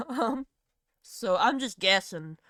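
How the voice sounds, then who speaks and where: A woman's voice: on the high side, animated, slow, fairly bright tone, no echo, studio quality. A woman with a Southern US accent chatting casually on a live stream while she draws, rambling, laughing and swearing freely. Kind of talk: casual chat while drawing.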